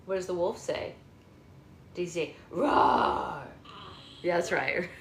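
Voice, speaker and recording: The host of a home book club reads live on a phone stream, trading playful baby-talk with her toddler. Her lowish voice moves at normal speed with fairly even intonation, against roomy echo and slight hiss or hum.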